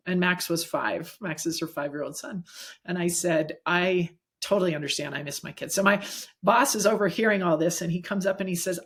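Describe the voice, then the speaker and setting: Middle-aged woman guest, lowish voice, earnest anecdotal storyteller, conversational. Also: steady tone, normal speed, husky. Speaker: guest, executive coach. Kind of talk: casual interview chat.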